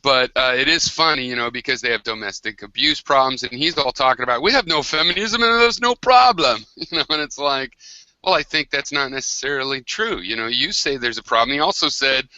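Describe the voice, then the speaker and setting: A man's voice: medium pitch, a little fast, bright, forceful tone, smooth, no echo, dull audio. An American man hosting a casual online group discussion, talking in long rambling turns with many restarts. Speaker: host of an online hangout.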